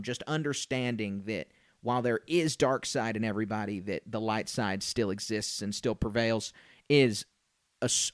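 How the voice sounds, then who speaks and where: A man's voice: fairly low pitch, no room sound, clean studio sound. A young man co-hosting a casual podcast review chat, rambling with frequent fillers and restarts. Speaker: podcast co-host.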